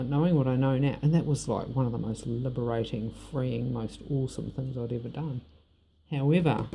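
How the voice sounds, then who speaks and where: Gravelly, dark-voiced New Zealand woman. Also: a bass voice. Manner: blunt, rambling, frank with swearing. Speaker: vlogger. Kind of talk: personal monologue.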